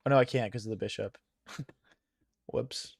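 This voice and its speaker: A man's voice: mid-range voice, fairly even intonation, normal speed, gravelly, slightly rough, dry recording. Young male chess streamer, casual thinking-aloud commentary, slightly strained voice, dry close sound. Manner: thinks aloud, chatty, addresses chat as guys. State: losing his voice.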